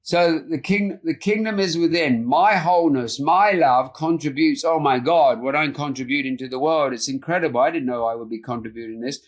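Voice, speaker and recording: A man speaking as a podcast guest in an earnest, soft-spoken way, often trailing off and restarting, recorded over a remote call. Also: a little high, normal speed, few pauses. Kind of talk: reflective interview talk.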